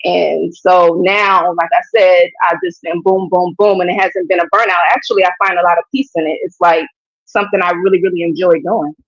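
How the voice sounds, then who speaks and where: A woman guest in a casual interview, talking in a calm, reflective, easygoing way. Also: fairly low pitch, brisk, no echo, lo-fi sound. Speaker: YouTuber guest.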